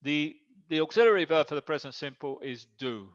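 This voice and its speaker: A man's voice: a little high, lively intonation, brisk, dry recording. A man giving an online English lesson, explaining grammar patiently step by step. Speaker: English teacher. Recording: dull lo-fi sound.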